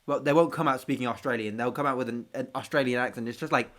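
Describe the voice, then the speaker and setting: A man's voice: medium pitch, fast, fairly bright tone. A man with street hosting a reaction video, ranting casually with profanity and self-mocking jokes.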